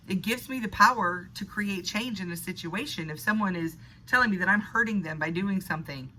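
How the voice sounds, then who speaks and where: A woman's voice: fairly low pitch, bright, forceful tone, a little hiss or hum, low-quality recording. A woman in an unscripted motivational monologue, talking earnestly and conversationally, sometimes laughing at herself. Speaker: spiritual vlogger.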